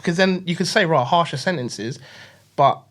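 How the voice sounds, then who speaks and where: A man's voice: on the high side, moderate pace, fairly bright tone. A man with a London accent, talking casually in slangy street talk as a podcast guest. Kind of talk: casual chat. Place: podcast studio.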